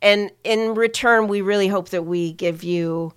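A woman co-hosting a casual podcast, chatting with listeners in a relaxed way with many fillers. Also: mid-range voice, a little slow, clear, resonant tone, no room sound. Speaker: podcast co-host.

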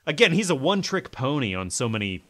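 A podcast co-host in a casual music review chat delivers opinionated takes fast, peppered with "you know" and acted-out asides. His medium-pitched voice is fairly bright and swings widely in pitch.

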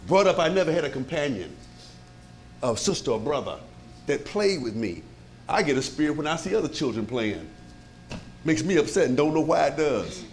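A pastor preaching to his congregation in a lively, conversational way, with many rhetorical questions and frequent chuckles. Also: fairly high pitch, normal speed, long pauses. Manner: chuckles often. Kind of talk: sermon.

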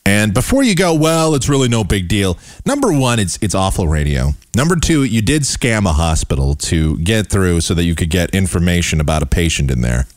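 A man hosting his own podcast, giving a scornful, animated rant about the broadcasting industry. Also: deep voice, a little fast, few pauses, dry recording, clean studio sound. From United States. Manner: scornful, animated, mocks voices he dislikes. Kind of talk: ranting commentary.

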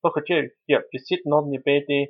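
A man's voice: fairly high pitch, fairly even intonation, fast talker, dull audio. A man playing a crude, blustering father who stammers and repeats himself in a comedy sketch. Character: crude blustering middle-aged dad.

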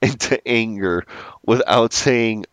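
Deep-voiced enthusiastic podcast co-host man. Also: takes it slowly, fairly bright tone, dry recording. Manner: enthusiastic, rambling with restarts. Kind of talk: casual chat recapping a TV episode.

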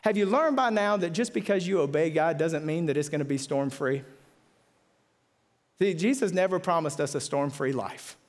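A man preaching an impassioned sermon in a fairly high voice. He repeats phrases for emphasis and asks the listeners questions directly. His delivery climbs to excited, high peaks. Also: normal speed. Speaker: pastor.

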